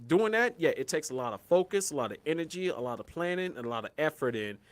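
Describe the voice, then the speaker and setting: A young man from Colorado co-hosting a casual podcast, rambling and profane, breaking into loud hyped yelling. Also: fairly high pitch, expressive, fast talker. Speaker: podcast co-host.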